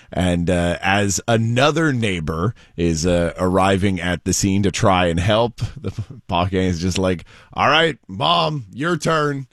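A man co-hosts a radio show in a low voice and tells news stories in a brisk, casual way. His throat is a little rough. The sound is dry and close to the microphone. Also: dry recording. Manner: brisk storytelling of news items. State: slightly hoarse throat. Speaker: radio co-host.

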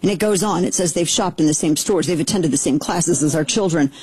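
A woman hosting a talk show, chatting in an excitable, sarcastic way and slipping into mock voices. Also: fairly low pitch, fairly quick, slightly rough, dry recording, rough recording. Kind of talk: casual commentary chat.

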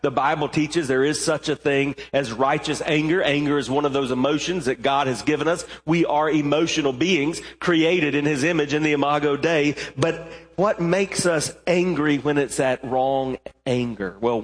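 A pastor with a medium-pitched voice delivers a sermon in a church sanctuary, his words carrying through a large hall. His preaching is emphatic and heavy on rhetorical questions, with occasional repeated words as he builds intensity.

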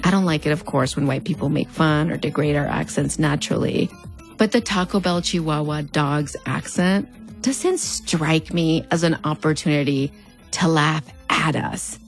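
A woman's voice: normal speed, faint music behind. A woman in her thirties with a Mexican American border accent, hosting scripted pop-culture commentary in a wry, conversational way. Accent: Mexican American border (fronterizo). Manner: conversational and wry, with playful pitch swings. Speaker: host.

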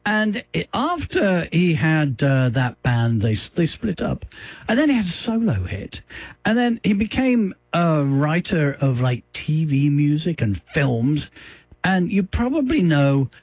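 A man's voice: a little high, big pitch swings, a little slow, dry recording, highs cut off. A man hosting a radio show in a rambling, self-mocking way, stumbling over his own words. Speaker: radio host. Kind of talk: casual radio chat.

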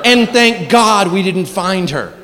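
Male stand-up comic, high and very animated, mutters low then shouts; live stage recording with hall reverb. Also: slow pace, noisy background. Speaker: stand-up comedian. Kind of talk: stand-up storytelling.

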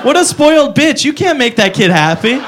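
A man's voice: very high voice, very animated, brisk. A male stand-up comedian ranting through a live set in an exasperated, profane way. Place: comedy venue with a live audience. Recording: live room with noisy ambience.

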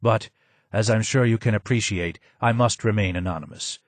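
A ruined older man speaks from the shadows in a low, hoarse voice, as a male reader puts him on. He is slow, subdued and more sad than angry. The sound is dry and close. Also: no room sound, close to an everyday voice. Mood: sad, grim. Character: broken, maimed older man, former royal advisor.

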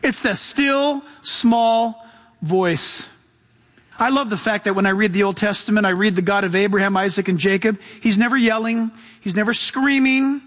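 High-voiced, animated male pastor preaching. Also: moderate pace, in a large hall. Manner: animated preaching, acting out voices, swings loud and hushed. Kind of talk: sermon.

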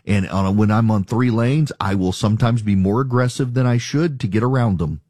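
A man's voice: fairly low pitch, fairly quick, warm tone, no room sound. A man hosting a talk radio show, delivering an emphatic, argumentative monologue in the studio. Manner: emphatic, argumentative, mocking callers' objections.

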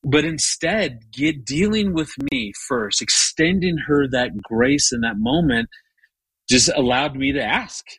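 Husky earnest man telling a story. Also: mid-range voice, animated, a little slow, fairly bright tone, no echo, poor audio. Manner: earnest, frequent stammered restarts. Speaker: guest, marriage author. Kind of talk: conversational storytelling.

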